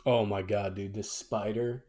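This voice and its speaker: Excitable young man telling stories. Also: fairly low pitch, unhurried. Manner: excitable storyteller, says dude and bro. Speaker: podcast co-host. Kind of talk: casual chat.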